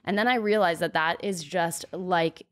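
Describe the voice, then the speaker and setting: A young woman in her twenties, a podcast guest, telling stories in a candid, chatty way with lots of "like" and quick laughs. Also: lowish voice. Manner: chatty storyteller, heavy use of "like", frequent laughs.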